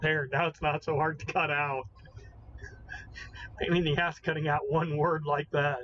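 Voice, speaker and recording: A man co-hosting a podcast in casual chat, excitable and explaining things at length. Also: fairly high pitch, moderate pace, dull audio, a little hiss or hum. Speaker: podcast co-host.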